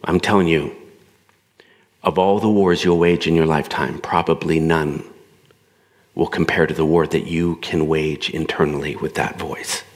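A man's voice: rumbling low, fairly even intonation, moderate pace, in a large hall. A man preaching a sermon in a conversational way, acting out the voices he quotes. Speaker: pastor.

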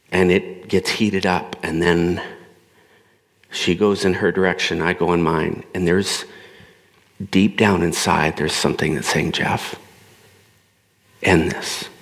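A pastor with a deep voice preaches a sermon in a large hall. His style is conversational, and he acts out the voices of those he quotes.

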